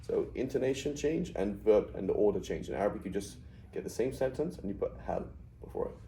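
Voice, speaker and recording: A middle-aged man teaches Arabic grammar to a small class, his voice very mellow and dark and a little low. He keeps checking in with his students as he explains. A faint hiss sits under the recording. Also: expressive, a little fast, vocal fry, rough recording. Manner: explains with frequent "right?" checks.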